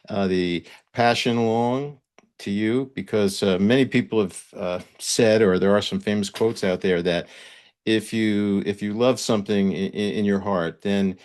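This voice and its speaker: A man who is the guest dentist at a webinar, speaking in a relaxed, friendly and measured way over a video call. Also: fairly low pitch, smooth. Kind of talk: casual chat, then lecture opening.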